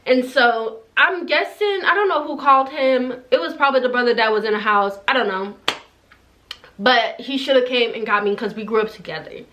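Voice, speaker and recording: A woman's voice: fairly high pitch, moderate pace, bright, forceful tone, highs cut off. Chatty young woman telling a personal story. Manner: casual, heavy use of "like", emotional and tearful in places. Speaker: vlogger. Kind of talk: story time vlog.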